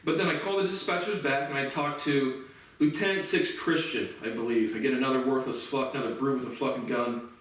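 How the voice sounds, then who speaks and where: A man delivering an angry, profane vlog rant that bursts into shouting. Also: medium pitch, fairly even intonation, fairly quick, distant mic. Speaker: vlogger. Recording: very echoey room, voice off-mic.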